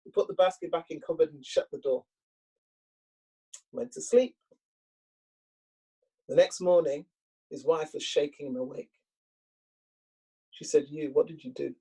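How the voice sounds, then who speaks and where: A woman telling a folktale aloud, with a dramatic, rhythmic delivery and repeated phrases. Her voice is dark and gravelly, with a husky grain. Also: deep voice, measured pace, pauses often, rough recording. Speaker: storyteller.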